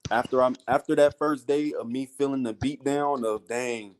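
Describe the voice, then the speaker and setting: Male guest, casual storyteller, slangy, animated, mid-pitched. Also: normal speed, clean tone. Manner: animated storytelling with slang, often acting out high-pitched voices. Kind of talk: casual chat.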